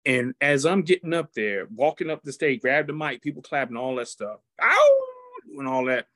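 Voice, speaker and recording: A man who serves as a football team chaplain, telling a testimony story in an animated, preacherly way and acting out the quotes. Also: mid-range voice, fairly quick, no echo.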